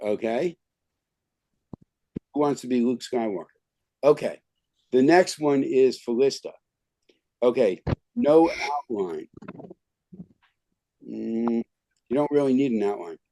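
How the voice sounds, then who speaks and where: A man's voice: medium pitch, lively intonation, takes it slowly, gravelly, pauses often, warm tone, dry recording. A man teaching an online skills class over a video call, talking informally and filling his speech with "okay" and "right". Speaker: skills trainer.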